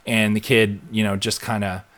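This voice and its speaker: A man's voice: lowish voice, moderate pace. A man hosting a live show, chatting casually and animatedly, acting out bits as he rambles. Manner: rambling, animated, acts out quotes. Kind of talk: casual live recap chat.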